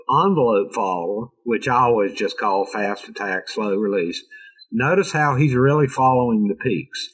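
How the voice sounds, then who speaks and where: This engineering training session is presented informally by a North American man on a video call, who chats and jokes with sarcastic asides. His mid-range voice is slightly rough, as is the recording.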